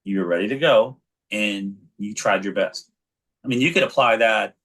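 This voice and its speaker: At normal speed and with a fairly low voice, a man in his forties from New York tells stories with real animation. He's the guest in a casual interview, an actor and children's author who keeps restarting his sentences.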